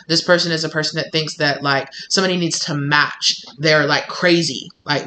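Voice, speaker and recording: A man's voice: on the high side, fairly even intonation, normal speed, bright, forceful tone, rough recording. A man giving a casual intuitive tarot reading at home, speaking animatedly and acting out the people he describes. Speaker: tarot reader.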